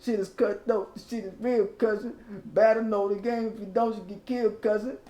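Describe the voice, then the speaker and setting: A man's voice: high voice, steady tone, normal speed, warm tone, reverberant. A man hosting his own channel, giving loose, profane casual commentary and rapping old lyrics along the way. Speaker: channel host.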